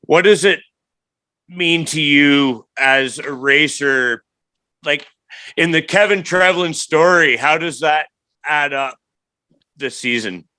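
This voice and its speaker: Bright, chatty host. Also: male voice, on the high side, slow, long pauses, no echo. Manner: enthusiastic, chatty interviewer. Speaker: podcast host. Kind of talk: casual podcast interview.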